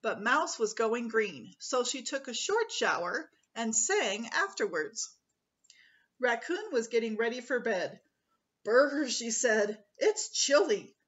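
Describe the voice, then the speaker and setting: Woman reading a picture book aloud, slow and lively. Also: on the high side, dull audio. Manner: slow, expressive read-aloud. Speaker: preschool teacher.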